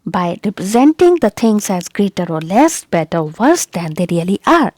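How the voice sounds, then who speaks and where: A woman's voice: medium pitch, sing-song, normal speed, a little mellow, dry recording. A woman teaching a lesson, repeating key points and often asking whether the listener understood. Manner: repetitive, checks understanding with rhetorical questions. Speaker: English teacher. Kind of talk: explaining a lesson on a video channel.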